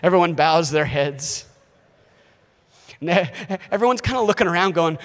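Brief: male preacher in his thirties, high voice, lively delivery, reverberant church hall. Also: normal speed. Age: 30s. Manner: animated, acts out quoted voices. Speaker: visiting missionary preacher. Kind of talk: sermon.

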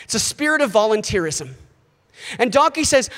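Brief: male preacher in his thirties, high voice, lively delivery, reverberant church hall. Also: normal speed. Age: 30s. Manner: animated, acts out quoted voices. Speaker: visiting missionary preacher. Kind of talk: sermon.

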